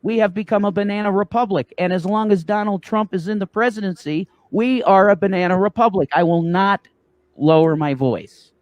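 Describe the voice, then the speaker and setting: A man co-hosting a livestream, his voice fairly high for a man. He talks politics in an emphatic, preachy way, and the sound is dry and close, with no room echo. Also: moderate pace, lo-fi sound. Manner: emphatic, preachy, rising to a raised voice. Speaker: livestream co-host. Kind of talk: casual political chat.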